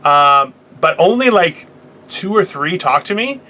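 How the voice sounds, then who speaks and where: A man's voice: a little high, lively intonation, unhurried, bright, forceful tone. A man co-hosting a podcast in casual comedic chat, profane, boastful and self-mocking. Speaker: podcast co-host.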